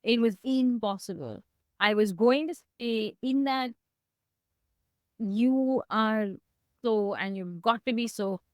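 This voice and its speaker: Woman, guest, candid personal talk, emotional, tearful, slightly high voice, dry close sound. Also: slow, no echo. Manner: heartfelt, emotional, reflective. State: tearing up.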